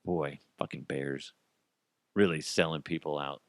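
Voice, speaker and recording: A man's voice: sits low, expressive, normal speed, gravelly, a bit bright, dry recording. A man hosting a comedy podcast, rambling through crude jokes and laughing at his own bits. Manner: tosses in goofy character voices. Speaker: podcast host.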